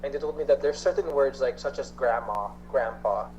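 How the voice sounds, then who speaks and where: Young male guest, Filipino accent, sincere and a bit halting, mid-pitched voice, lo-fi recording. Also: darkish tone, slight background noise. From Philippines. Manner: mixes English and Tagalog, earnest, hesitant fillers. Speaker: guest actor. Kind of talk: casual interview chat.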